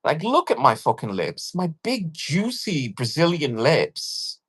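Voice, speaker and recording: Woman livestreamer, casual rant, lively swooping pitch, profane, sarcastic. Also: unhurried, husky. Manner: animated, profane, sarcastic, swings between loud and hushed. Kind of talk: casual live-stream rant.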